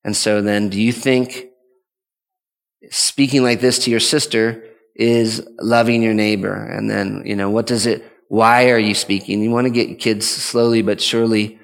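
A man's voice: fairly low pitch, gravelly, big-room sound. A man giving an earnest, conversational teaching talk on parenting as a father, often restarting his sentences. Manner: earnest, rambling with frequent restarts.

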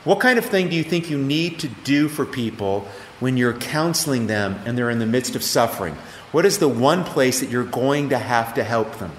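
A man's voice: medium pitch, animated, normal speed, a little hiss or hum. A middle-aged man, a pastor, teaching a sermon in a conversational way and asking questions of the people in the room. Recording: echoey hall, faint ambience.

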